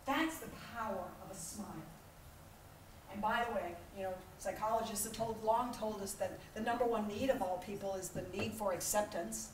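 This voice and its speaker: A woman's voice: mid-range voice, normal speed, slight background noise. A middle-aged woman giving a humorous motivational conference talk, acting out little scenes with laughter. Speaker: keynote speaker. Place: large conference hall. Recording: echoey hall, voice from far off.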